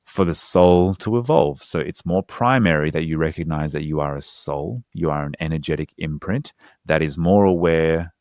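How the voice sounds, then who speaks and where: Male therapist guest, low voice, earnest and explanatory, dry close-miked studio sound. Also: moderate pace, darkish tone, no room sound. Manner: earnest, explanatory, slangy asides. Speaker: hypnotherapist guest. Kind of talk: casual podcast conversation.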